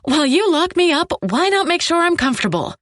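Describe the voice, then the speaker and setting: A woman voicing a terrified, furious young woman held captive, speaking in high, shrill, defiant outbursts. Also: very animated, brisk, fairly bright tone, no room sound, studio quality, exaggerated voice. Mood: panicked.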